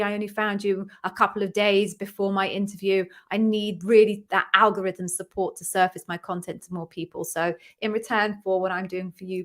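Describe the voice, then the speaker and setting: Woman host, live-stream Q&A, encouraging and upbeat coach, middle pitch. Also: fairly bright tone. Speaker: interview coach hosting a live Q&A.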